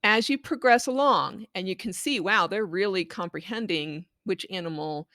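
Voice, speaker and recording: A woman's voice: medium pitch, normal speed, pushed and bright, no room sound, studio quality. A woman giving patient, explanatory tips to parents on reading a bilingual picture book aloud to their children. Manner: patient, explaining, models read-aloud phrases. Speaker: children's language book presenter.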